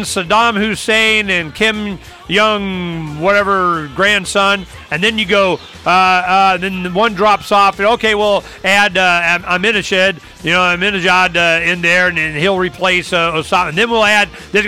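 A man hosting a casual political talk show, rambling and sarcastic with animated asides. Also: high voice, moderate pace, few pauses, faint music behind. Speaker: host.

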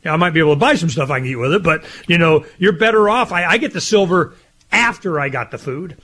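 Older man rambling in animated chat. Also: a little high, quick pace, a little hiss or hum. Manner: rambling, animated, laughs loudly. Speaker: co-host. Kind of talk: casual chat.

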